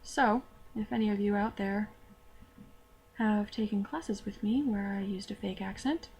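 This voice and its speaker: A woman's voice: medium pitch, a little mellow, slight background noise. Chatty woman vlogging. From Canada. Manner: chatty, self-deprecating, quick asides. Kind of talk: casual storytelling to camera.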